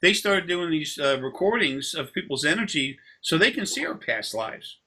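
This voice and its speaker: A man with a bright, forward tone talks loosely over a video call. He rambles as an energy healer, wandering off into long stories with easy, conversational explanations. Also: on the high side, animated, normal speed, breathy edge. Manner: rambling, drifting into long anecdotes. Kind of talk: casual explanation during a session.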